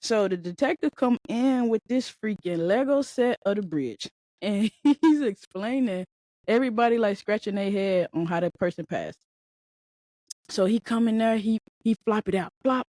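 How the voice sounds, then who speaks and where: A woman's voice: mid-range voice, normal speed, mellow, dry recording, clean studio sound. A woman hosting a podcast, telling a story in a rambling, conversational way and talking straight to her listeners. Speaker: podcast host. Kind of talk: casual storytelling chat.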